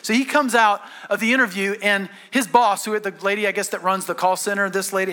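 A man's voice: high-pitched, steady tone, brisk, bright, forceful tone. A man preaching a sermon, telling stories in a conversational way with frequent restarts. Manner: conversational storytelling with many restarts. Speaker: pastor.

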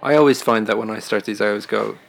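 Gravelly low-voiced podcast host. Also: male voice, quick pace. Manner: hesitant, lots of "uh" fillers, self-deprecating. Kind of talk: casual podcast chat.

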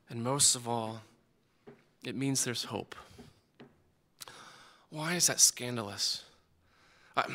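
A man's voice: mid-range voice, pushed and bright. A man preaching a sermon on a Bible passage in a conversational way, often stumbling over his words and restarting. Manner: conversational, frequent stammered restarts.

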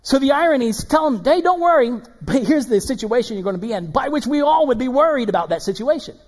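A man preaching a sermon as pastor, animated and swinging between loud emphasis and hushed asides. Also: very high-pitched, fast talker. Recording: long hall reverb.

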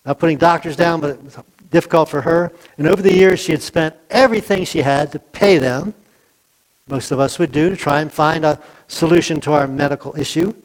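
A man's voice: fairly high pitch, brisk, rough recording. Conversational male pastor preaching a sermon. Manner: conversational, asks the congregation questions, acts out quotes.

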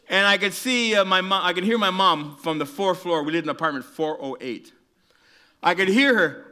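An animated male preacher from Canada tells a childhood story, acting out voices and dropping to a whisper for emphasis. His voice sits a bit high and bright. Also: a little fast, clean tone. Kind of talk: sermon with a told childhood story.

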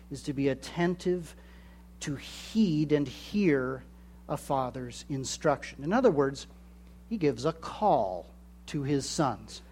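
A man delivers a sermon at an unhurried pace. His voice sits a little high, and he acts out the voices he quotes as he preaches. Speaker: pastor.

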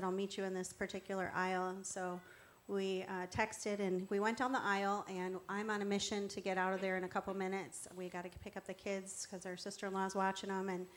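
A middle-aged woman telling a faith testimony in an animated way, acting out the quotes and laughing often. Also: medium pitch. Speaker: guest sharing testimony. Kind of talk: storytelling testimony.

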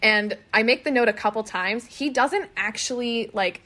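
Woman, podcast co-host, casual recap chat, animated, playful asides. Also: fairly high pitch. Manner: animated, acts out characters in quick asides, swears casually.

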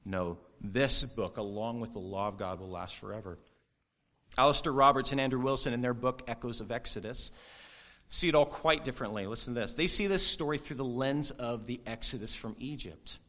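A man preaching a sermon, animated and conversational, with quick asides and brief mock voices for quoted people. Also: medium pitch. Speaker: pastor.

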